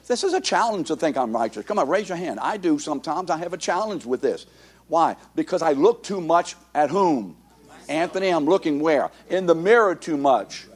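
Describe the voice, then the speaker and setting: A man's voice: a little high, slightly rough. A man in his seventies, a pastor giving an interactive sermon who keeps asking the congregation questions.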